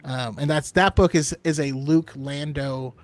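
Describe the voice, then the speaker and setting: A man's voice: fairly high pitch, unhurried. Chuckling man in casual fan chat. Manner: rambling, chuckling between points. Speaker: podcast host.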